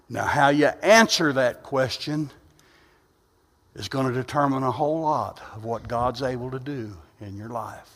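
A man preaching a sermon. He moves between quiet, conversational asides and loud, rising, drawn-out preaching. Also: medium pitch. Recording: long hall reverb.

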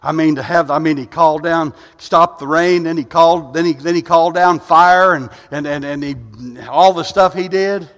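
A man preaching a sermon. He moves between quiet, conversational asides and loud, rising, drawn-out preaching. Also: fairly high pitch, fairly even intonation. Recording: long hall reverb.

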